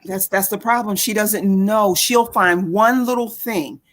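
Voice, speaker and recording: A woman in a casual online commentary chat, animated and mocking, laughing often as she gossips. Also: medium pitch, measured pace.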